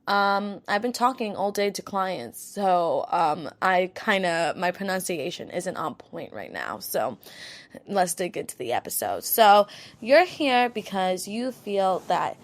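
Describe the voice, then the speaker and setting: A woman's voice: on the low side, sing-song, a little slow. A young woman with a New York accent hosts her own podcast. She talks in a candid, rambling way and swears freely. She sounds tired after a full day of work. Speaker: podcast host. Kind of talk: casual self-help pep talk.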